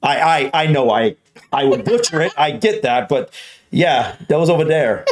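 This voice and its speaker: A man hosting a casual reaction chat, animated and playfully trying out sounds. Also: medium pitch, moderate pace, slight background noise. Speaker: reaction channel host.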